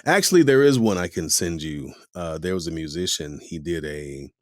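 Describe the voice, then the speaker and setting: Deep-voiced man, animated talker. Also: normal speed, dry recording, studio quality. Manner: animated, acts out quoted voices. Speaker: voice actor guest. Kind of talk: casual interview chat.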